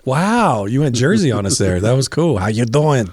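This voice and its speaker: A man's voice: medium pitch, moderate pace. A man hosting a comedy podcast, bantering casually with co-hosts, laughing often and joking around. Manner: jokey, laughs often, animated. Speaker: podcast host.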